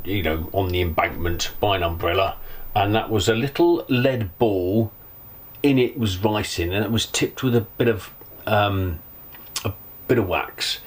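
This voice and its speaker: A middle-aged man casually reading an on-this-day list on his channel, breaking off into chatty asides and self-corrections. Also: lowish voice. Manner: chatty, reads then adds personal asides and self-corrections. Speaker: vlogger hosting a Q&A.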